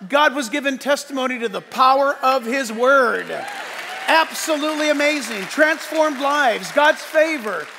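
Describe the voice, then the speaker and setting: A man as pastor delivering a sermon, animated and emphatic, swinging between shouts and soft asides. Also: very high voice, a little slow, a crowd in the background, noisy background. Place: church sanctuary. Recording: large hall with long reverb.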